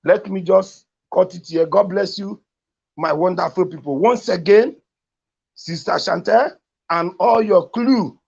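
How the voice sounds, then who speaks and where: A man's voice: sits high, unhurried, creaky, darkish tone, breathy edge, dull audio. A man with a Nigerian accent making an impassioned, repetitive appeal for his community. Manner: pleading, repetitive, emotional. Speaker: community advocate.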